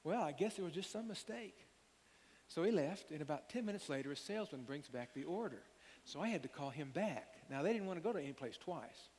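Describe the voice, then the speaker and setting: Older pastor with a lively, animated voice. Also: male voice, a little high, a little fast. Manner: animated storyteller, acts out quotes. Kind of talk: sermon. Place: church sanctuary. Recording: long hall reverb, faint hiss.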